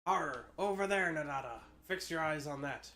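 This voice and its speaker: A man voicing a hearty male pirate sailor with a slow, drawling growl. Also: on the high side, lively intonation, pushed and bright. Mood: scheming.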